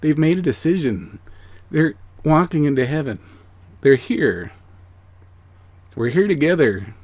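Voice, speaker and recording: Earnest man with a lively, swinging voice. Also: on the high side, a little slow, pauses often, no echo. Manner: earnest, encouraging, drops to hushed near-whispers then rises to excited emphasis; repeats phrases and checks in with "okay?". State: emotional. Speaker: angel card reader. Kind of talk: spiritual reading addressed to viewers.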